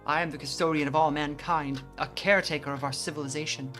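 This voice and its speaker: A woman's voice: low voice, steady tone, fast, a bit bright, faint music behind. A woman doing a pompous burly janitor. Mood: fervent. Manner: pompous, declaiming speeches. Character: burly grandiose male janitor, solemn about cleaning. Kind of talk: reading game dialogue aloud.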